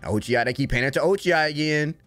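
An animated young man giving excited reaction commentary, his pitch bouncing all over as he goes from muttering to whooping. He talks casually to the screen in slang, with faint show music playing under him. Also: fairly quick. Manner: animated, swings from low grumbling to loud cheering. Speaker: anime reaction host.

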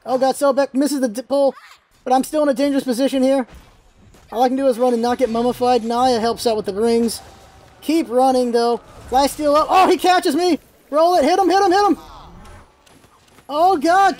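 A gaming video host calling out live gameplay, excitable and shouting, repeating calls and teasing opponents. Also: high-pitched, fairly quick. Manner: teasing, talks to enemy players.

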